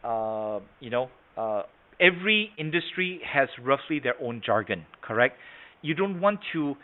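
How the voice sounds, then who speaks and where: A male sales trainer running an online class, speaking at a middle pitch. He keeps checking that his listeners follow him. His voice comes through a thin, phone-like video call line. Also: big pitch swings, measured pace. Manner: demonstrative, keeps checking understanding with the audience.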